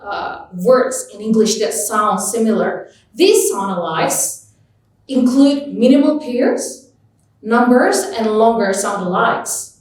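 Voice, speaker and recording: Slow, emphatic woman tutor in echoey room. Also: on the high side. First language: Indonesian. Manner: slow, emphatic, repeats example words with lively stress. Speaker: English test tutor. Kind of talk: teaching lesson. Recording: echoey room, voice far from mic.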